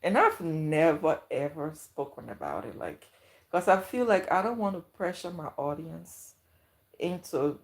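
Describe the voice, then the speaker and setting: A woman's voice: deep voice, creaky, a little mellow. A woman livestreaming from her home kitchen, chatting casually and gushing thanks to her viewers. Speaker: YouTuber livestreaming.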